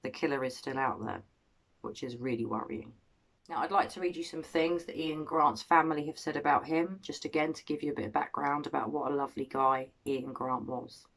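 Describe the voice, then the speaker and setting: A woman in her thirties with an English accent and a notably low, deep voice talks through a cold case as a vlogger. Her storytelling is casual and earnest, with a personal, heartfelt tone. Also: fairly even intonation, brisk, fairly bright tone. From Cambridge, England. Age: 30s. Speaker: true-crime vlogger. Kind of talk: casual true-crime storytelling.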